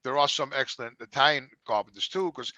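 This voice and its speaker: A man with a forceful, bright voice that stumbles along, repeating words and restarting as he searches for his point. The sound is very dry and close. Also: medium pitch, quick pace, dry recording, dull audio. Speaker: co-host. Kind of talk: casual chat.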